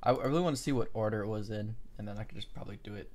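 A man's voice: lowish voice, racing, a little mellow. A man muttering casual commentary while he edits a video at his computer, often swearing in frustration, recorded on a camera mic indoors. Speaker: video editor.

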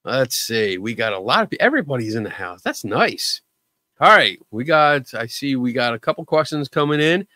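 A man's voice: medium pitch, sing-song, normal speed, sharp tone, no echo. A man hosting a live call-in show, chatting casually in a joking, self-deprecating way. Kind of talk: casual livestream chat.

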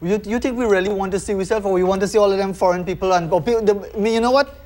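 Fast, stammering man. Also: high-pitched, a little mellow. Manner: stammering restarts, repeats words. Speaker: interviewer. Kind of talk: casual interview talk.

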